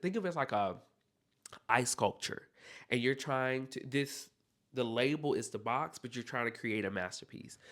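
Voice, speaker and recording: Animated, heartfelt male podcast host. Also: mid-range voice. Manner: encouraging, heartfelt, often adds "okay?". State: near tears at times. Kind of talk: solo self-help podcast talk.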